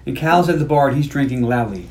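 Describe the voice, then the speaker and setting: A man's voice: medium pitch, animated, quick pace, a little mellow, slight background noise. A man hosting a casual movie podcast, recapping scenes and acting out the characters' lines with laughter. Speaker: podcast host.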